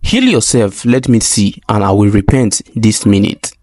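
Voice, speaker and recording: A man's voice: fairly low pitch, lively intonation, a little slow, a little mellow, no room sound. An angry village man taunting a sick healer, as a male storyteller voices him. His voice rises and falls with scorn. The recording is close and dry.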